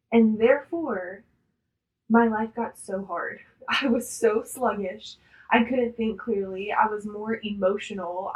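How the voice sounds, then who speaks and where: An upbeat woman co-hosting a podcast, her voice sitting at an ordinary middle pitch. She talks in quick, energetic bursts, full of short fragments and little retold exchanges, in a casual motivational chat. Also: dull audio. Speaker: podcast co-host.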